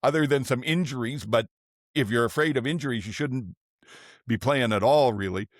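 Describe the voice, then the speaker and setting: A man's voice: medium pitch, moderate pace, dry recording. Older man, dry casual football talk. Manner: relaxed, thinks aloud with restarts. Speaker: podcast host. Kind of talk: casual sports chat.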